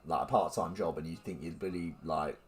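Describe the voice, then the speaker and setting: A man's voice: rumbling low, steady tone, brisk. A man hosting a livestream, chatting casually with lots of ums and reading out viewer comments. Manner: rambling, lots of ums, mock-incredulous asides. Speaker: livestream host.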